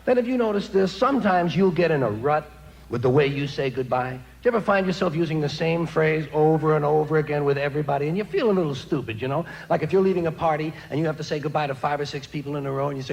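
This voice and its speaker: A man's voice: a little high, lively intonation, quick pace, gravelly. A man performing a stand-up comedy routine on stage with a wry, sardonic delivery, recorded live in front of an audience. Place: stage before a laughing audience.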